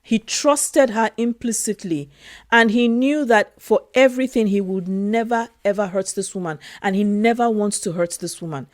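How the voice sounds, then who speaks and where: Woman, film review vlog, slow unhurried delivery, dry close sound, heartfelt. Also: mid-range voice, a little mellow, dry recording. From Europe. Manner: slow, emotional, repeats phrases.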